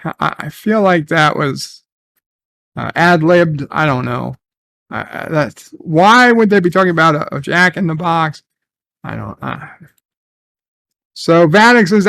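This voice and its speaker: A man's voice: on the high side, expressive, unhurried, vocal fry, long pauses, a bit bright, dry recording. A man recapping and reviewing a TV episode in casual, sarcastic commentary, swearing and trailing off into restarts.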